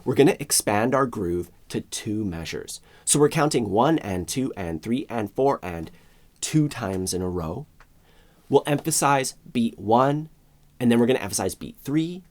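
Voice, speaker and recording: A man's voice: medium pitch, sing-song, a little slow. A man giving a friendly step-by-step guitar lesson, counting beats aloud and vocalizing strums. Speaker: guitar teacher. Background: guitar strumming and backing track.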